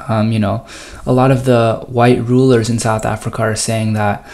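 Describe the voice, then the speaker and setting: A man's voice: medium pitch, little pitch movement, moderate pace, a little mellow. A man tutoring through a recorded test review, explaining answers with frequent ums and you-knows and reading passages aloud.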